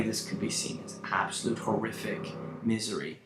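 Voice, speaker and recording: A man's voice: lowish voice, normal speed, few pauses, fairly bright tone. A man teaching a lesson on a play, thoughtful and musing with emphatic bursts. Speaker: literature teacher. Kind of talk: lecture on a play. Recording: roomy room, faint background hum.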